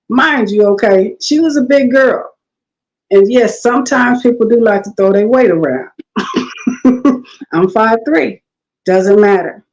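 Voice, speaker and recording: A woman's voice: medium pitch, darkish tone, muffled recording. A middle-aged woman guest telling stories in a casual talk, acting out the people she quotes and laughing often. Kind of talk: casual storytelling interview.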